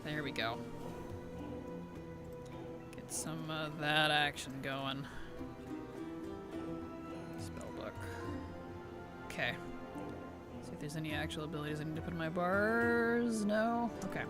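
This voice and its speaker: A man's voice: fairly high pitch, takes it slowly, long pauses. A man chatting casually on a game live stream, answering viewer chat with easy laughs. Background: background music.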